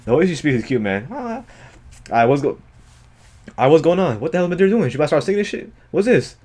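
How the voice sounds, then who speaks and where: A man hosting an anime reaction video, talking in excitable, slangy and profane casual commentary full of exclamations. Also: on the high side, fast.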